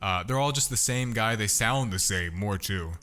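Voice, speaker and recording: A man's voice: lowish voice, normal speed, pushed and bright. A young man talking casually as a podcast guest, brash, boastful and full of swearing. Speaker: podcast guest, content creator.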